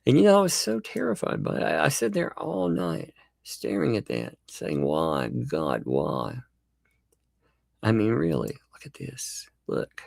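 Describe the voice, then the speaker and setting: A man's voice: medium pitch, wildly swooping pitch, normal speed, vocal fry, darkish tone, no echo, studio quality. A man hosting a casual livestream, joking in a mock-dramatic way, laughing often and thanking viewers for their chat messages. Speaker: livestream host.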